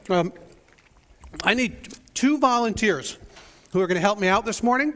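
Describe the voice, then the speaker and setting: A man's voice: sits high, unhurried, pauses often, fairly bright tone, big-room sound. A male pastor opening a sermon in a church, joking and chatting straight to the people in the pews. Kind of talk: playful sermon opening with audience interaction. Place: church sanctuary.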